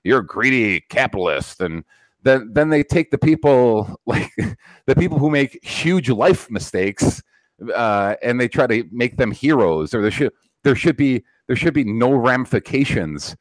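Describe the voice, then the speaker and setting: A man's voice: mid-range voice, animated, measured pace, no echo. A man hosting a podcast, talking in a blunt, profane, ranting way during casual political chat. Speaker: podcast host.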